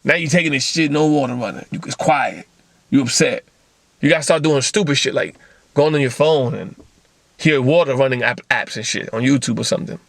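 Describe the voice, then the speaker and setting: A man's voice: medium pitch, fairly quick, gravelly, no echo. Blunt, profane motivational man. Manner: blunt, profane, lecturing the listener; rhetorical questions to the audience. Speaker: motivational show host. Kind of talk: casual motivational talk.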